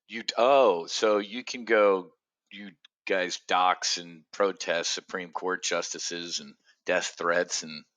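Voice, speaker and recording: Profane, sarcastic man with a bright edge. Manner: profane, sarcastic, swings from loud outbursts to low mutters. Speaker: trading show host. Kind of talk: ranting market commentary.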